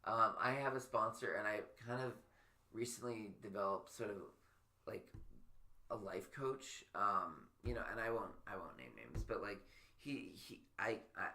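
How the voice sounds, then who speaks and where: Man, podcast host, low voice, bright and forceful, rambling, stammering, self-deprecating, faint ambience. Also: moderate pace. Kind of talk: casual chat.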